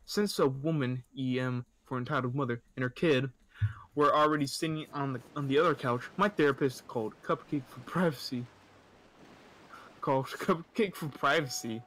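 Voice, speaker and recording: A man's voice: mid-range voice, normal speed, a bit bright. A young man hosting a comedy podcast, reading stories aloud in a casual, joking way. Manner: reads aloud with acted voices, joking.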